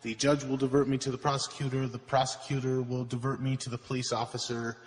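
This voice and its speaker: Man, aggrieved voice-over, lecturing, slow-ish, reverberant sound. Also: mid-range voice, flat delivery. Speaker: narrator of his own court video. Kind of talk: explanatory voice-over.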